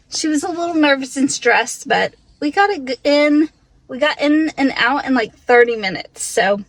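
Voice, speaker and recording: High-voiced young woman vlogging at home. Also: normal speed. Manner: chatty, fond baby talk to her dog. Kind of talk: casual vlog chat. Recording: roomy echo, mic at a distance.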